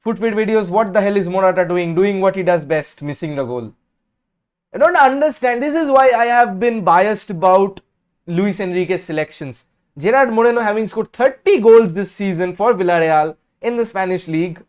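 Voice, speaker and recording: A high-pitched man talks through a football match on his live stream. His casual commentary is chatty and opinionated, jumping from lively calls of the action to quiet, drowsy asides. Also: normal speed, smooth. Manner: chatty and opinionated, drifting between lively calls and low mumbles. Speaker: host of a live watch-along stream.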